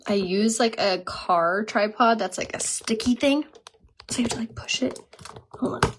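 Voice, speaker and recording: A woman in her thirties chatting casually on a live stream while she does her makeup. She talks fast, says "like" a lot and laughs often. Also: on the high side, a little hiss or hum. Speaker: makeup seller and vlogger. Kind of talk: casual livestream chat while doing makeup.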